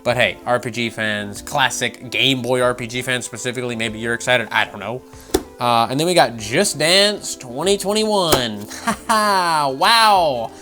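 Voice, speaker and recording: A man's voice: medium pitch, normal speed, music in the background. A man giving casual, sarcastic commentary on gaming news, swearing freely and laughing often.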